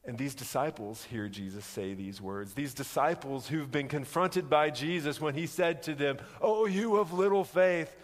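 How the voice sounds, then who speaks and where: Animated male preacher in a reverberant hall. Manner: animated storytelling, acting out quoted lines with rising pitch; frequent restarts, slows down for emphasis. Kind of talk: sermon. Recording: long reverb of a large hall.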